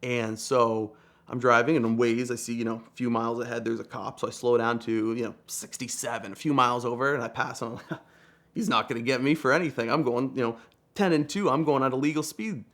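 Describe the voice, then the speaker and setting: A man's voice: medium pitch, fairly even intonation, fairly quick, fairly bright tone. A young man from Vermont telling a casual, chatty, self-deprecating story as a guest storyteller.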